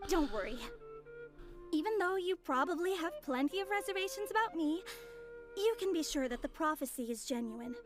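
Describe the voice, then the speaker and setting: A woman's voice: very high-pitched, lively intonation, moderate pace, music in the background. A woman voicing a composed, polite young woman of mystery in a dubbed video game.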